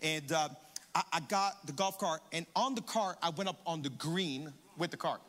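A young adult man preaching a sermon as pastor, animated and calling the congregation to respond. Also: a little high, moderate pace. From Hialeah, Florida. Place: large church auditorium. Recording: long hall reverb with faint music.

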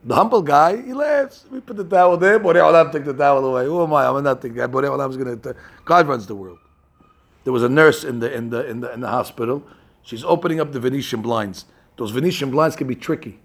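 Fast and gravelly, this medium-pitched man leads a Torah class. He's an animated storyteller who plays out small scenes, often restarting and filling gaps with fillers.

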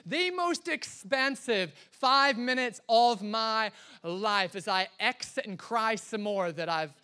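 A man's voice: high voice, fairly bright tone. Man preaching with humorous storytelling. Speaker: pastor. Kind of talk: live sermon. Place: church service.

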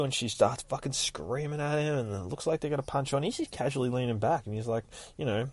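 A man hosting a podcast, retelling a comic in an excitable, heavily swearing casual way with shouted sound effects. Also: mid-range voice, fast talker, few pauses, dry recording. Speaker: podcast host.

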